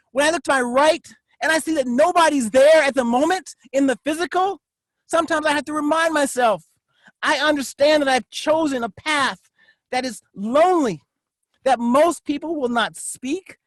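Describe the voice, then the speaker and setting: A man giving a motivational vlog monologue as a network marketing coach, emphatic and repetitive, dropping to a low confiding tone for asides. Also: a bit bright, no room sound. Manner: emphatic, repetitive, preacher-like cadence.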